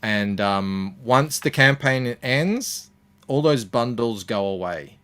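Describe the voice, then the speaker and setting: A man's voice: mid-range voice, takes it slowly, clear, resonant tone. An Australian man, a comics creator, chatting casually as an interview guest and telling stories with plenty of ums and uhs. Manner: relaxed storytelling with many fillers.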